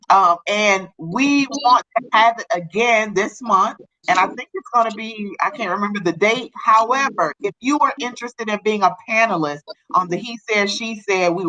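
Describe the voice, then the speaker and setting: Bright-voiced woman hosting a live talk show. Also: mid-range voice, rough recording. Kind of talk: casual live-stream chat.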